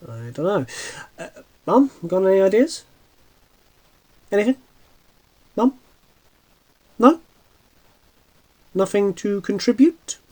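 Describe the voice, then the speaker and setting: Guy doing a sardonic washed-up cartoon horse, kinda high voice, bouncy pitch, rambly and stammery. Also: big pitch swings, slow, long pauses, darkish tone, exaggerated voice. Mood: sardonic, hollow. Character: bitter washed-up male horse celebrity, sardonic. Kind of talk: comedic dramatic monologue.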